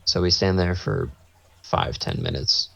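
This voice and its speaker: Sitting low with a bright, forceful tone and vocal fry, a man speaks unhurriedly but very animatedly. Co-hosting a podcast, he meanders through an anecdote in casual talk and acts out people's lines, recorded in dull lo-fi sound.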